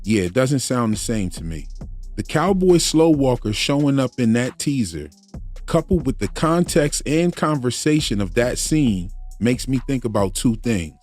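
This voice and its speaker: A man's voice: mid-range voice, very animated, unhurried, a little mellow, faint music behind. A man hosting a TV theory channel, giving casual analytical commentary and reasoning aloud in a conversational way. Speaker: YouTube theory channel host.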